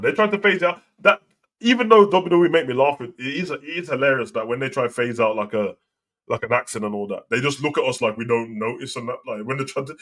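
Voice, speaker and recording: A man talks in loose, slangy, opinionated chat as he hosts a live wrestling show. His pitch sits right in the middle range. He keeps a casual, running commentary going. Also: a bit bright.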